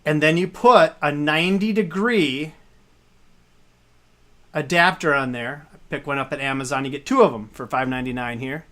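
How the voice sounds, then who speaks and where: A man's voice: fairly high pitch, moderate pace, bright, forceful tone. A man casually explaining arcade hardware on a live stream, rambling with fillers as he points things out.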